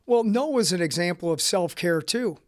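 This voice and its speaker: A man's voice: sits high, lively intonation, normal speed. A man hosting a podcast interview, asking questions in an earnest way. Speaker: podcast host. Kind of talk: conversational interview.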